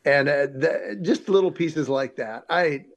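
A man's voice: fairly high pitch, unhurried. A man, a comedian and speaker, telling upbeat stories in an interview and acting out the dialogue in them. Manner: upbeat storyteller, acts out quoted dialogue. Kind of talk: casual interview chat.

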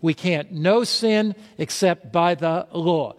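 A man's voice: sits high, slow, big-room sound. A man preaching a sermon, emphatic, asking his listeners questions and answering them himself. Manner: emphatic, asks the crowd questions then answers.

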